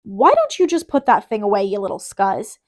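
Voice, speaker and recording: A woman voicing a tough, quick-tempered young male addict who talks bluntly and curses, in an audiobook. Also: medium pitch, huge pitch swings, a little mellow. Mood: defiant. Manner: blunt, streetwise, cursing.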